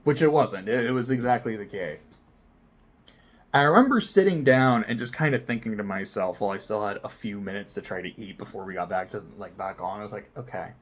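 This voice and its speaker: A man telling a personal story to camera in a casual vlog, swinging between loud excited bursts and quiet near-whispered asides. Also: on the low side, a little fast. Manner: frequent swearing, casual slang. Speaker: vlogger.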